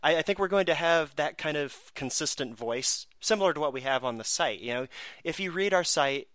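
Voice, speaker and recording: A man's voice: a little high, lively intonation, brisk, a bit bright, no room sound. A man hosting a casual podcast chat, snarky and self-mocking as he talks. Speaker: podcast host.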